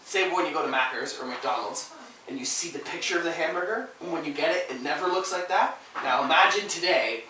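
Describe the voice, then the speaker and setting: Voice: mid-range voice, a little fast. Canadian drama teacher coaching in an echoey room. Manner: lively, demonstrative, encouraging. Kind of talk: coaching students at a reading rehearsal. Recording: very echoey room, mic far off, noisy.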